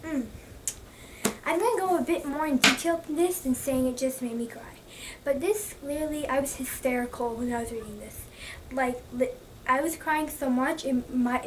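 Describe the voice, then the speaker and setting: A young woman chatting casually to camera as a book vlogger, gushing and repeating herself for emphasis. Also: sits high. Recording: mic at a distance, faint background noise.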